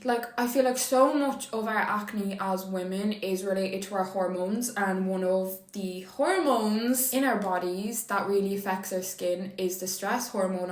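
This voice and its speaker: A woman's voice: medium pitch, reverberant, low-quality recording. A young Irish woman vlogging casually while doing her makeup, chatty and emotional, with casual swearing. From Ireland. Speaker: beauty vlogger.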